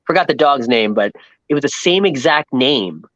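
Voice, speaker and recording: A man from Long Island, telling a rambling, animated travel story as a podcast guest and acting out the people he met. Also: medium pitch, moderate pace, dry recording, muffled recording. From New York, Long Island. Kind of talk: casual storytelling chat.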